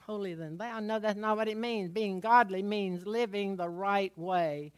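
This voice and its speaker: A middle-aged woman pastor preaching a sermon, moving from storytelling into loud exhortation. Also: medium pitch, moderate pace.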